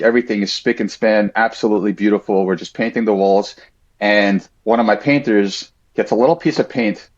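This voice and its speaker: A man in his thirties, a podcast guest, telling a personal story in a casual, reflective way, with a lot of "like" fillers. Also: lowish voice. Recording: dull lo-fi sound.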